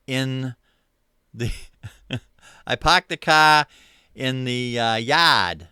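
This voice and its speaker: A middle-aged man from Maine with a Maine accent, hosting a relaxed livestream chat with viewers, rambling easily with lots of fillers. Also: mid-range voice, drawn-out words, long pauses, clean tone, no room sound, clean studio sound. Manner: easygoing, rambling, many uh fillers, chuckles. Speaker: livestream host. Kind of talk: casual chat reading viewer comments.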